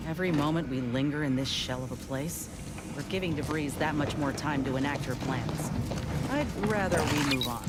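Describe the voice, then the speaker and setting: Woman as low-voiced determined game companion, blunt, loud music under her. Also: normal speed, close to an everyday voice. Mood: resolute. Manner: earnest, blunt folksy speech. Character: resolute female companion, grim and loyal. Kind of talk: video game voice acting.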